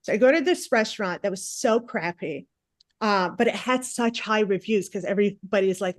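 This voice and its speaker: A woman's voice: medium pitch, animated, a little fast, no echo, studio quality. A woman in her forties doing stand-up comedy, telling a rambling self-mocking story and acting out the other people's lines. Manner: chatty, self-mocking, acts out quotes.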